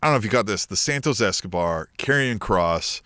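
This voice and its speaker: A man's voice: lowish voice, fairly quick, dry recording, clean studio sound. A man co-hosting a wrestling podcast, casually recapping matches and acting out what wrestlers said, with some swearing. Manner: animated, acts out quotes, swears. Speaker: podcast co-host.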